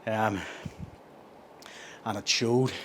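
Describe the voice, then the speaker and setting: Guy vlogging at the gym, lowish voice, rambles and corrects himself, faint gym hum behind. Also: fairly even intonation, drawn-out words, fairly bright tone. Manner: rambling, self-correcting, explanatory. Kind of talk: casual explanation between sets.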